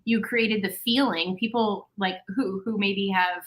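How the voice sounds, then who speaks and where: A woman's voice: medium pitch, steady tone, unhurried, a bit bright, low-quality recording. A woman hosting a casual conversation, enthusiastically summing up and affirming her guest's points. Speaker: host.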